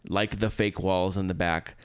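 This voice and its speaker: Smooth-voiced joking podcast man. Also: low voice, fairly even intonation, moderate pace, dry recording, clean studio sound. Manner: joking storyteller who acts out quotes. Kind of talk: casual chat.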